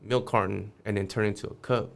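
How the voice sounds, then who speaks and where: A man's voice: lowish voice, fairly even intonation, quick pace, creaky. A man guest on a podcast, telling a street story casually, swearing freely and acting out the voices of the people in it.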